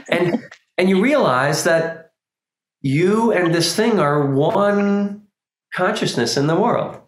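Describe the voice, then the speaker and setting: Animated man teaching in an echoey room. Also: sits high, takes it slowly, pauses often. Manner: animated, acts out little quoted scenes. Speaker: spiritual teacher. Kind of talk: informal teaching talk. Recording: roomy echo.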